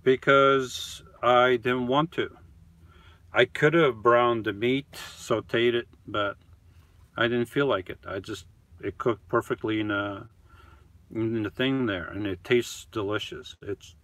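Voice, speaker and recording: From his camper van, a man hosts a casual live stream, reading viewer comments aloud and answering each in turn. He's easygoing and chatty, often trailing off, and his medium-pitched voice has a sharp tone with no room sound.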